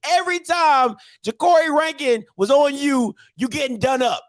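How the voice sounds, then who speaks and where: A man hosting a sports recap show, ranting in excitable, slangy trash talk and repeating himself for emphasis. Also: very high-pitched, normal speed, no room sound, clean studio sound. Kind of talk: animated sports recap rant.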